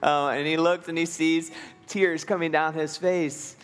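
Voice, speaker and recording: A man preaching a sermon as pastor, earnest, moving between emphatic lines and quiet ones. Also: a little high, fairly even intonation, unhurried, clean tone, in a large hall, soft background music.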